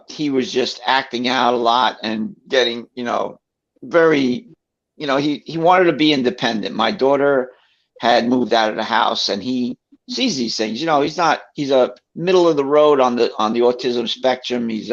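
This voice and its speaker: A middle-aged man, telling his own story in a rambling, casual way with many fillers and restarts. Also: mid-range voice. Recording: dull lo-fi recording.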